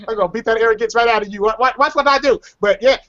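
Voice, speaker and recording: A man hosting a casual web hangout, telling animated stories and repeating his words as he goes. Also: very high-pitched, rapid-fire, muffled recording, crowd noise. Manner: animated storyteller who acts out quotes and repeats words. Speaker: show host. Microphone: webcam or computer mic on a video call.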